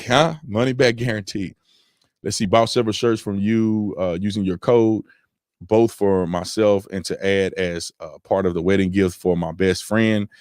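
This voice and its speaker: A man in his thirties hosting a casual livestream from home, reading viewer comments and telling stories with lively, animated delivery. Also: no echo, studio quality. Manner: animated storytelling, voice jumps high when excited. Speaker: livestream host reading super chats.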